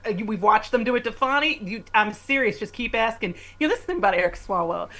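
A woman appearing as a comedian guest on a talk radio show, telling stories in a lively, animated way. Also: fairly high pitch, fast talker. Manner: animated storyteller. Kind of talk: casual talk radio chat.

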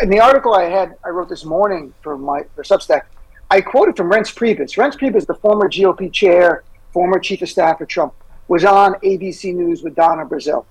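Male talk-show guest, high husky voice, urgent and emphatic, dry close mic. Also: no room sound, rough recording. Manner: emphatic, urgent, repeats key words. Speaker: guest commentator. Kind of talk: political talk show discussion.

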